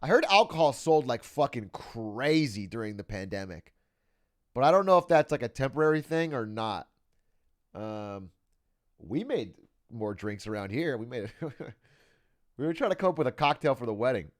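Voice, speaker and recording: A man's voice: mid-range voice, moderate pace. A young adult man streaming, chatting casually with his viewers and reading out their messages, laughing often and swearing freely. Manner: animated, laughing, swears often, reads out chat.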